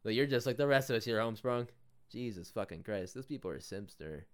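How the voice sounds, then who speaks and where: Podcast host, swearing young guy, lowish voice, loose rambling anecdote with laughs. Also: animated, a little fast, smooth. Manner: profane, laughing, mocking impressions. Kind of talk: casual storytelling rant.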